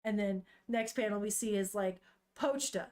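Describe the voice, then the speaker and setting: Animated, swearing woman streamer. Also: mid-range voice, moderate pace. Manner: animated, swears freely, thinks aloud. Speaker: streamer reading manga. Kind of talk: casual chat.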